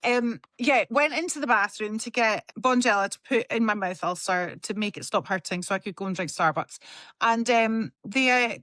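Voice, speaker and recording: A woman on a podcast, chatting casually and spinning stories with plenty of swearing. Her voice sits a touch high and sounds dry and close, with no room around it. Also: normal speed, no room sound. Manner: chatty, swearing, animated storytelling. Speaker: podcast co-host. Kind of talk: casual chat. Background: talking while tending a dog.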